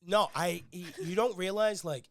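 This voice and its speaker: A man's voice: high voice, moderate pace, background noise. A young man hosting a podcast, telling rambling, crude, joking stories in casual chat. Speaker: podcast host.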